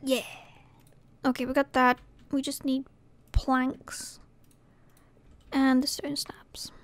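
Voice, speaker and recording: High-voiced woman muttering through gameplay. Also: flat delivery, slow pace, no echo. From Scotland. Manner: muttering to herself, often dropping to a whisper. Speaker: gaming channel host. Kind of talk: casual gameplay commentary.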